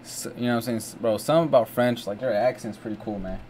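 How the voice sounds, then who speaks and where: A young American man hosts a reaction video, his mid-range, darkish voice moving at a quick pace over slight background noise. He comments casually with lots of exclamations and slang, constantly throwing in "bro" and "you know what I'm saying." Faint music drifts in from the video he's watching.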